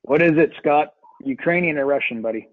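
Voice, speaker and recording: A man hosting a casual coaching Q&A call, upbeat and joking, with quick banter. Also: a little high, slight background noise. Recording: tinny phone-like line.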